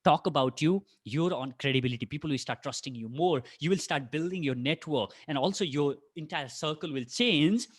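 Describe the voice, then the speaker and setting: Animated man with Indian English accent. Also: fairly high pitch, a little fast, hardly any pauses, dry recording, clean studio sound. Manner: animated, addresses audience directly with many rhetorical questions. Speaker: podcaster giving a career talk. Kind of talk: energetic online conference talk. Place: online conference.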